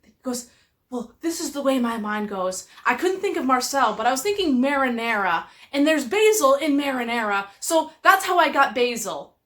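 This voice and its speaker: A woman's voice: high-pitched, big pitch swings, normal speed, fairly bright tone. A woman telling stories casually to camera, chatty and exasperated, with lots of "like". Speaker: vlogger.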